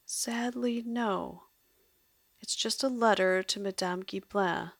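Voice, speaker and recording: A woman's voice: mid-range voice, slow, vocal fry, no room sound, studio quality. A woman playing a wry male musician. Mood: explaining.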